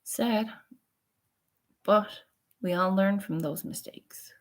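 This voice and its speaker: A woman's voice: medium pitch, slow pace. A woman vlogger telling a personal story in a frank, rambling, profane way. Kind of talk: casual storytelling vlog.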